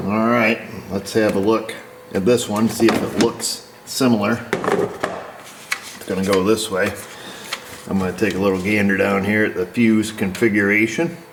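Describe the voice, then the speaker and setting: A man's voice: on the low side, steady tone, a little slow, gravelly, pauses often, heavy background noise. A man working as an auto technician, casually talking through a repair while he inspects parts in a shop. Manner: talks to himself while inspecting parts, easygoing. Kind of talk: casual workshop commentary.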